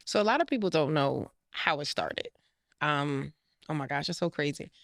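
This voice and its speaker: A woman's voice: deep voice, lively intonation, normal speed, gravelly, a bit bright, no echo, clean studio sound. A woman in her thirties, a life coach talking frankly and with feeling about her own life in an interview. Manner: emotional, frank storytelling. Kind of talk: candid personal interview.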